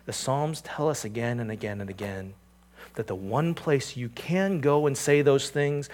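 A man preaching a sermon in a conversational way, with asides to the listeners, building to emphatic peaks and then dropping to a quiet, earnest tone. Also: mid-range voice, normal speed. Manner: conversational, with "you know" and "right?" asides. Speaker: pastor.

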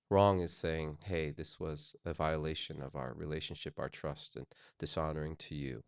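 A man's voice: sits low, no room sound. A man preaching a sermon, earnest and personal, often restarting his phrases. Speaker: pastor. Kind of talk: sermon on forgiveness.

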